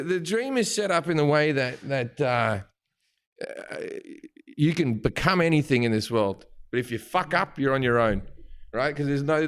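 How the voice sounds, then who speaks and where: A man's voice: a little high, slight background noise. A middle-aged Australian comedian in a podcast interview, swearing and mocking as he rants. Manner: swearing, animated, mocking impressions. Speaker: comedian guest. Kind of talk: podcast interview, comic rant.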